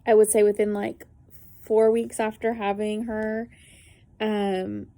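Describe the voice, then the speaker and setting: Woman, 30s, warm mellow voice, earnest chatty vlogger testimony. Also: mid-range voice, flat delivery, slow. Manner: conversational, many fillers, earnest. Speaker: vlogger sharing a personal story. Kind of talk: casual spoken testimony to camera.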